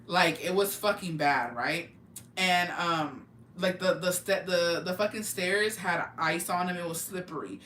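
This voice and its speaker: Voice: mid-range voice, measured pace, far from the mic, slight background noise. A young adult, chatting casually on a podcast and telling stories with lots of swearing, slang and Spanish words. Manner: profane, animated storytelling with slang and Spanish words. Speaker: podcast co-host. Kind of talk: casual chat. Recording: roomy, off-mic with faint ambience.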